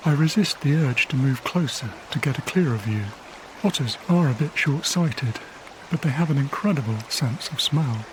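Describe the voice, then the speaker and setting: Quiet reflective male documentary narrator. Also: mid-range voice, expressive, normal speed, a little hiss or hum. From England. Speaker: wildlife cameraman narrating. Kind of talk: scripted diary narration. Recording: faint river ambience behind.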